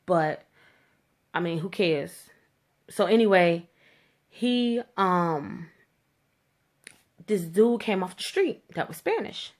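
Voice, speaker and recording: A woman telling a story to camera in a blunt, animated rant, with slangy speech and free swearing. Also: on the low side, slow pace, pauses often. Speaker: vlogger.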